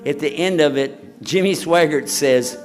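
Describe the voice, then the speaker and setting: A man preaching in a lively, chatty lecture style, quizzing a live audience as he goes. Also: a little high, measured pace, soft background music. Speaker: Islamic preacher.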